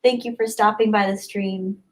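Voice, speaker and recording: Woman streamer reading chat, giggly and rambly, mid-pitch voice. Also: fairly even intonation, moderate pace. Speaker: live streamer. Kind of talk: casual live-stream chat reading viewer comments.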